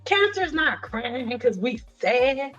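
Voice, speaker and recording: A woman hosting a casual livestream chat, telling stories in an animated way, acting out the voices she quotes and joking bluntly with her viewers. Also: sits high, slow pace, highs cut off, faint music behind. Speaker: livestream host. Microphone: computer mic on a livestream.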